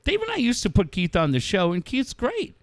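A man's voice: extremely high pitch, fairly quick, dry recording. A middle-aged man co-hosting sports radio, telling stories with acted-out quotes and frequent swearing. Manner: animated storyteller, swears freely, acts out quotes. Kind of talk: casual sports radio chat.

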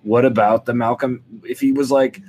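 A man's voice: medium pitch, moderate pace. An older man hosting a podcast, telling a rambling, wry comic monologue to his listeners. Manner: rambling, wry, animated swings into quoted voices. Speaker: podcast host. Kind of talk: solo comedic monologue.

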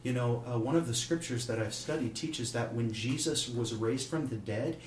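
A man's voice: mid-range voice, moderate pace. Man, casual storyteller, from Kansas City, roomy, faint background noise. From Kansas City, USA. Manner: animated storyteller, acts out quoted voices. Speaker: guest telling a story. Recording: roomy, distant mic, faint room noise.

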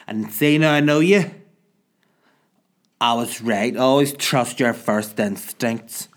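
A man's voice: mid-range voice, takes it slowly, natural voice. A man imitating a drunk, blunt woman who speaks in a slurred, confiding way before turning insulting. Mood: drunkenly blunt.

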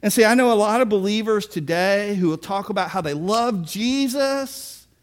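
Man, pastor, sermon, high voice, chatty, plays out quoted voices. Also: normal speed. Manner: conversational preaching with mock-quoted voices and asides.

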